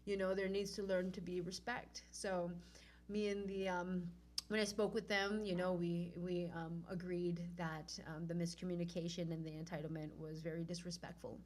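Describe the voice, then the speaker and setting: A woman telling a personal story in a casual, animated way, acting out the dialogue. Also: fairly low pitch, normal speed. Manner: animated, acts out quoted dialogue.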